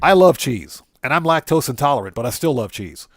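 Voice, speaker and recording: A man live-streaming a video game, chatting casually and excitably with his viewers from a home streaming setup. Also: mid-range voice, a little fast, no room sound. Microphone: streaming setup microphone.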